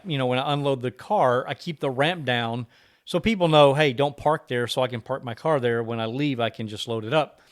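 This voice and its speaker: A man co-hosting a casual podcast, telling a long anecdote and acting out the quoted exchanges with other drivers. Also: a little high. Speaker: podcast co-host. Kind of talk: casual storytelling chat.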